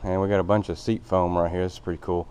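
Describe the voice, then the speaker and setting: Handheld camera in tow, a breathless male vlogger gives a loose, rambling walkthrough of a large abandoned-feeling old factory, plainspoken and peppered with fillers. The voice is deep and level, quick-paced, slightly mellow, clear and resonant.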